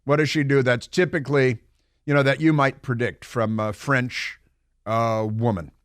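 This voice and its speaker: A man's voice: medium pitch, steady tone, moderate pace, no echo. A middle-aged man hosting a talk radio show in a studio, mocking and rambling with many fillers and asides. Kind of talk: opinionated talk radio monologue. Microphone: studio microphone.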